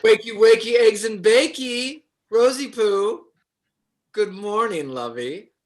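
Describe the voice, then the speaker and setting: A man's voice: high-pitched, slow. A man playing a jealous, clingy rich fiancé who uses baby talk in an improvised stage comedy. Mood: cooing. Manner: baby talk, whiny, possessive.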